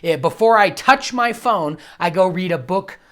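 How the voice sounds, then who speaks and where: A man's voice: high-pitched, expressive, normal speed, a bit bright. A young man, a pastor, giving an earnest and reflective devotional teaching that builds to emphatic bursts. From United States.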